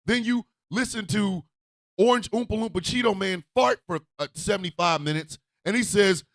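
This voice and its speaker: Man radio host, high lively voice, cussing and shouting, dry studio sound. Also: normal speed, no room sound. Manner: profane, fiery, often shouting. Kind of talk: ranting radio monologue.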